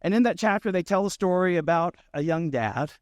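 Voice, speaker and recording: A man's voice: high-pitched, lively intonation, a little fast, dry recording, studio quality. A man in his thirties, a pastor giving a conversational sermon, telling stories with asides to the congregation.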